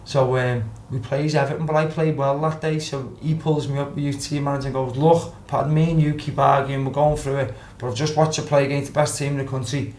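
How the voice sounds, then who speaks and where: A man's voice: mid-range voice, flat delivery, a little fast, few pauses, darkish tone, a little hiss or hum. Scouse man telling football stories. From Liverpool, England. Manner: swears freely, acts out quotes. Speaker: podcast guest, former footballer. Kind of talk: casual storytelling. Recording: roomy with faint background ambience.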